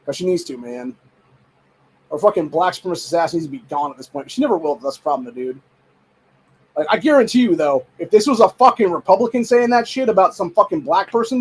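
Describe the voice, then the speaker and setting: A man's voice: sits high, expressive, a little fast, slightly rough, poor audio. A man hosting a show, ranting angrily in heated, profane, rambling commentary full of fillers. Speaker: show host. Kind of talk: angry political commentary rant.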